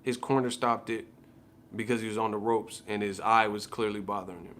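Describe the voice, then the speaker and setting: A man's voice: fairly low pitch, steady tone, fairly quick, fairly bright tone, slight background noise. A man ranting casually as a boxing commentator, heated and profane, repeating himself. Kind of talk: casual rant.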